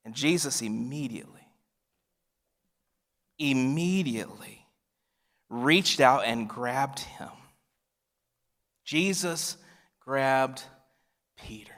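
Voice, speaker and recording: Male pastor, sermon, emphatic then hushed, echo of a big hall. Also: medium pitch, expressive, slow, pauses often. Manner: emphatic, shifts from loud declarations to quiet near-whispers. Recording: long reverb of a large hall.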